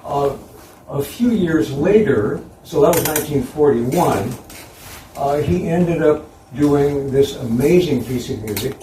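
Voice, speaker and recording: A man giving a conference lecture about slides, relaxed and chuckling between points. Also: fairly high pitch, unhurried, noisy background. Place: concert hall. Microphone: distant room mic. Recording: roomy, distant hall recording.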